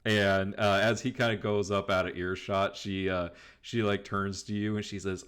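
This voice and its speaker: A man's voice: lowish voice, flat delivery, normal speed, fairly bright tone, clear, resonant tone. A man narrating a tabletop game as game master, rambling loosely with many restarts.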